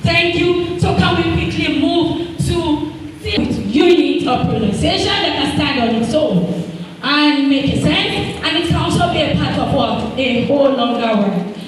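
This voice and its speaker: A woman teaching a class, asking pupils questions in a slow sing-song way. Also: high-pitched, lively intonation. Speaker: teacher contestant. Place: large hall at a live event. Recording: echoey hall from far off, faint noise.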